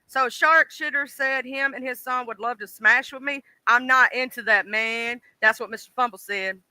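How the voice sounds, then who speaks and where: A woman hosting a casual livestream and chatting with her viewers, blunt and animated, exclaiming loudly whenever something disgusts her. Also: on the high side, normal speed, clear, resonant tone, no room sound. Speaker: livestream host.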